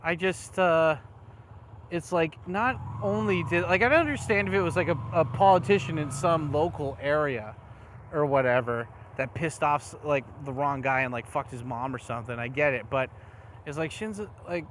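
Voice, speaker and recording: A man's voice: on the high side, normal speed, fairly bright tone. A man on a motovlog, riding through city streets at night and talking in a rambling, angry way with plenty of swearing. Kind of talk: casual riding vlog rant. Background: faint traffic noise.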